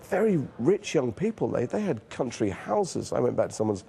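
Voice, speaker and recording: This man, in his forties and from northern England, speaks at a medium pitch with a sing-song lilt and a normal pace. His tone is dark with some vocal fry, and a faint hiss or hum sits under the recording. An actor being interviewed, he tells reflective anecdotes frankly and self-deprecatingly, swearing casually as he goes.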